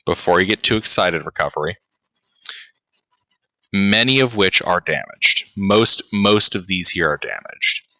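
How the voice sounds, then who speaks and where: A man narrating as game master of a tabletop game, deliberate and pausing as he describes finds. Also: sits low, pushed and bright, dry recording. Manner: slow, deliberate narration with pauses.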